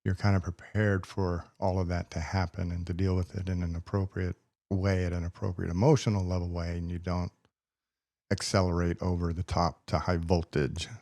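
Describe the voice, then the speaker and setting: A man who co-hosts a faith podcast as a doctor, making quick joking asides and turning measured when he explains. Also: sits low, level tone, a little mellow, no echo. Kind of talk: casual podcast chat.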